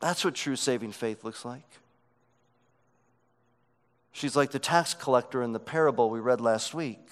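A man preaching a sermon as pastor, swelling to emphatic peaks and dropping to quiet lows. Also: brisk. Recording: long hall reverb.

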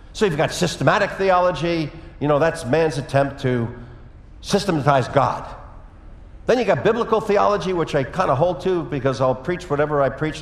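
A man preaching a sermon as pastor, telling a personal story in a conversational way with lively asides. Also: fairly high pitch. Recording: echoey hall with long reverb.

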